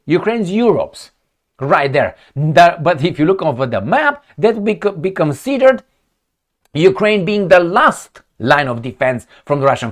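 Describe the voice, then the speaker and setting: Mocking, animated male commentator. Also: fairly high pitch. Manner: sarcastic, mocking, emphatic. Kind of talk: profane political commentary.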